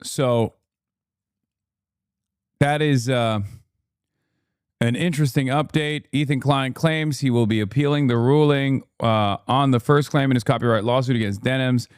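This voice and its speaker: A man from the United States hosts a livestream, reacting to the news with an offhand, sarcastic edge. His voice is smooth and clean, recorded close and dry with no room sound. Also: mid-range voice, steady tone, unhurried, darkish tone, no echo. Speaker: livestream host and political commentator. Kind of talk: casual livestream commentary.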